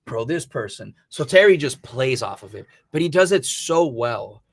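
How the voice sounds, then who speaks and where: A man's voice: mid-range voice, animated, normal speed, husky. Rambling, swearing man telling a story. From Missouri. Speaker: podcast host. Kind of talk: casual chat.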